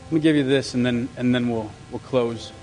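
A male pastor preaching a sermon in an animated way, repeating phrases for emphasis with stumbling restarts. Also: mid-range voice, moderate pace, long reverb tail, a little hiss or hum, poor audio. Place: church service.

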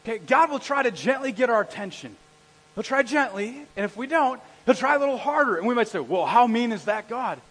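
A male pastor preaching a sermon with a husky voice, telling stories in an animated way and shouting out the lines he quotes. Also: very high-pitched, quick pace. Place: church hall. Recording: echoey hall.

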